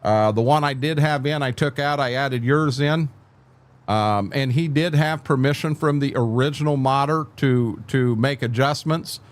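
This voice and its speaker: An older man giving casual commentary as a game streamer, halting and repeating words as he thinks. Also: mid-range voice.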